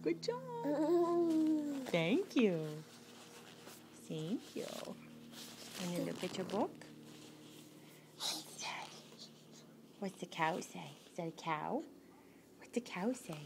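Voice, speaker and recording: Woman, parent, baby talk to a toddler; slow, lively sing-song, animal sounds. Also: fairly low pitch, vocal fry, noisy background. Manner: sing-song, coaxing, makes animal noises.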